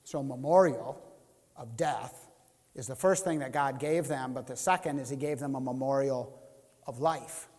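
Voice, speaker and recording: A man's voice: medium pitch, normal speed, a little mellow, slightly rough, in a large hall. A man preaching a sermon as pastor, reading scripture aloud and acting out the grumbling crowd with rising, emphatic delivery. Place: church sanctuary.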